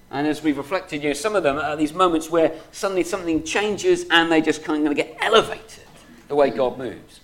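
A man preaching a sermon in a conversational way, reading scripture aloud and filling his talk with "kind of" and "you know". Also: a little high. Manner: reads scripture aloud steadily.

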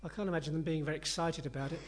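Racing through his words, a male preacher talks his congregation through a passage, yet his manner remains relaxed, conversational, earnest, and reflective. His voice is slightly higher than the average man's.

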